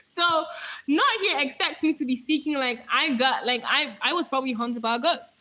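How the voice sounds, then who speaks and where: A woman's voice: sits high, expressive, moderate pace, pushed and bright, a little hiss or hum, low-quality recording. A young woman from Nigeria chatting casually on a live stream, hyper and talkative, reading viewer comments aloud.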